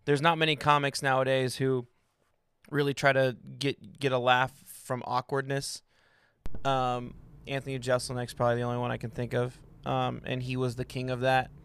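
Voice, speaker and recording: A man's voice: medium pitch, flat delivery, normal speed, fairly bright tone, clear, resonant tone, no room sound. A man co-hosting a casual sports podcast, talking in a laid-back, rambling way with many fillers. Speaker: podcast co-host.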